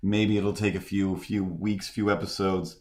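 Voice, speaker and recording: Low-voiced man rambling on a stream. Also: little pitch movement, a little mellow. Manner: rambling, halting, many restarts and fillers; mimics voices in quoted asides. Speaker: streamer and host. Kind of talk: casual rambling stream chat.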